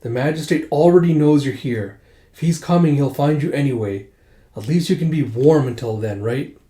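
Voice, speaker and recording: A man's voice: medium pitch, normal speed, mellow, natural voice. A man reading aloud and voicing a determined young woman who talks in an earnest, reassuring way. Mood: firm. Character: determined young woman, kind but firm. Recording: roomy echo.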